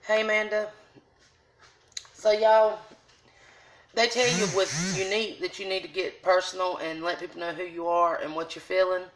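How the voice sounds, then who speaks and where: A woman's voice: medium pitch, fairly bright tone. Woman, live-stream host, folksy and chatty, phone mic in a salon. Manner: folksy, chatty, greets viewers by name. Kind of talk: casual live video chat. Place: salon, indoors.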